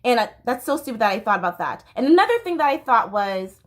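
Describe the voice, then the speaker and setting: A woman's voice: on the high side, big pitch swings, fast. A woman in her thirties, a dance teacher, telling personal stories in a candid, rambling way, full of fillers and restarts. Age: 30s. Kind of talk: personal storytelling vlog.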